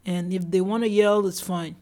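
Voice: medium pitch, steady tone, normal speed, a little mellow. Chatty solo podcast host telling a story. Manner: chatty, with many "like" fillers and acted-out quotes.

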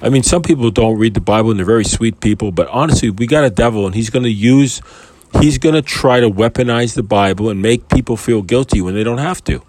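A man's voice: medium pitch, fast talker, a little mellow. A man reading scripture and commenting on it in a casual, rambling way, full of asides and restarts. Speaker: Bible teacher.

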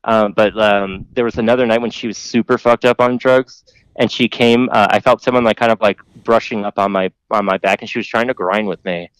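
A man on a podcast casually telling a rambling, profane story, mimicking other people in a higher voice. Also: steady tone, brisk, clean tone, no room sound, low-quality recording.

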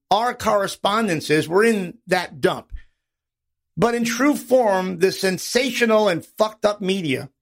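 A man's voice: sits high, vocal fry. A man hosting a podcast, telling stories in a casual, profanity-laced monologue and acting out the people he quotes. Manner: animated storytelling, acts out quoted voices. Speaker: podcast host.

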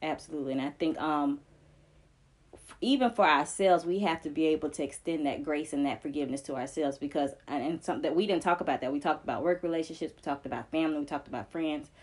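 A woman's voice: low-pitched, quick pace. A woman co-hosting a faith podcast, speaking earnestly and emphatically, with repeated phrases that build like preaching. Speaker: podcast co-host.

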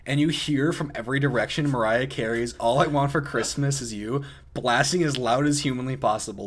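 A man's voice: mid-range voice, fairly quick. Young guy cohosting a podcast, jokey, lots of "like"s, laughs a bunch. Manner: joking, laughs often, many "like" fillers. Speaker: podcast co-host. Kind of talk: casual chat.

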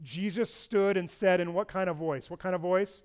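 A pastor delivers a sermon in a strikingly high, smooth, resonant voice. He swings from booming proclamations down to hushed asides and puts questions to his congregation. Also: moderate pace. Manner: preaching, swings between loud proclamations and quiet asides.

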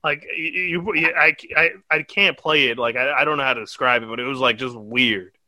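Bright-voiced man ranting about movies. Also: medium pitch, a little fast, no room sound. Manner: animated, swearing, rambling with restarts. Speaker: podcast co-host. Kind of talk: casual film review chat.

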